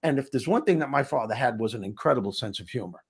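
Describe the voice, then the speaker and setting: A man hosting a talk show, telling a personal story in a lively way with frequent restarts. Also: mid-range voice, fast, slightly rough. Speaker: host. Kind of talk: casual storytelling chat.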